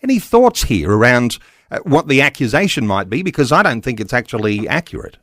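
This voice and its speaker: A man hosting a discussion, asking questions in a measured way about religious education. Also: mid-range voice, sing-song, a bit bright, dry recording. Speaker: host. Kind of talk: interview questions.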